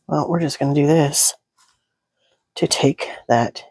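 A woman's voice: sits low, slow, a little mellow, breathy edge, no room sound. A woman with a Southern US accent hosting a crafting video, chatting casually and mumbling asides to herself as she works. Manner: chatty, talks to herself while working, some mumbled asides. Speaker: crafting channel host.

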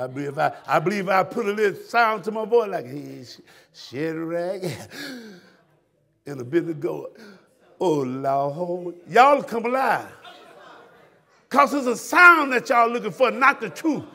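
Pastor, high gravelly voice, fiery shouting sermon style. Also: male voice, moderate pace. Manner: fiery, preaching with shouted questions to the congregation. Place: church sanctuary.

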